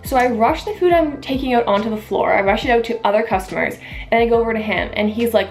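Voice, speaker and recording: A woman's voice: on the high side, fast, faint music behind. A young woman, a waitress, telling a story of a rude customer in a casual vlog, acting out the dialogue with emphasis. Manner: animated, emphatic retelling with quoted dialogue. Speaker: vlogger, waitress.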